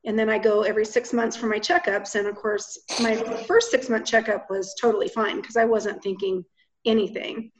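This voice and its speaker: A woman's voice: medium pitch, fairly even intonation, normal speed, background noise. A woman guest giving a matter-of-fact personal account in an interview. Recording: dull lo-fi audio.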